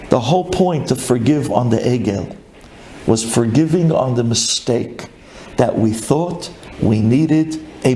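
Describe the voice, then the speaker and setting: A male rabbi giving a sermon and telling the story dramatically, with Hebrew and Yiddish terms in his English. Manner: animated storytelling with big swings in pitch and volume.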